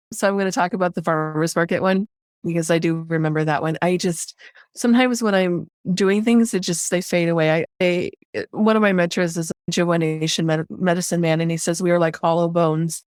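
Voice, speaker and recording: A woman's voice: fairly low pitch, no room sound, clean studio sound. A woman guest on a podcast, a medical intuitive telling a story in a chatty way and acting out the voices in it. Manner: chatty, quotes voices in her stories. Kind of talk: casual storytelling.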